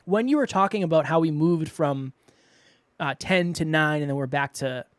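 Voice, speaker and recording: A man co-hosting a podcast in casual chat, relaxed and chatty with a self-deprecating tone. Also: on the high side, normal speed, no room sound, clean studio sound. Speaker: podcast co-host.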